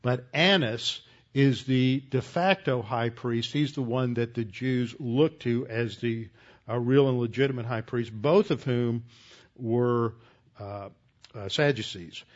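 A man preaching a verse-by-verse sermon, slowing down with frequent pauses and then pressing his points firmly. His voice sits mid-pitch, and the recording sounds a little dull and lo-fi. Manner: deliberate teaching with many "uh" pauses, rising to emphatic. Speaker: pastor. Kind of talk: expository Bible teaching sermon.

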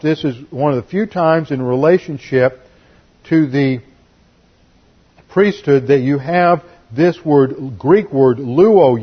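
A man's voice: fairly high pitch, breathy edge, muffled recording. A man preaching, teaching verse by verse and stressing points with emphasis. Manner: emphatic, explains Greek and Hebrew words. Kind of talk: expository Bible teaching.

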